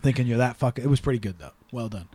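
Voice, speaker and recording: A young man co-hosting a casual chat, telling stories excitedly, swearing freely and easily wound up. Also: mid-range voice, very fast, breathy edge, dry recording, studio quality. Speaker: podcast co-host.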